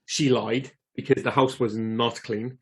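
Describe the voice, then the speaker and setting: A man's voice: mid-range voice, fairly even intonation, measured pace, slightly rough. A man in his forties co-hosting a podcast, chatting casually with restarts and the odd swear. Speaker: podcast co-host. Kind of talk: casual chat.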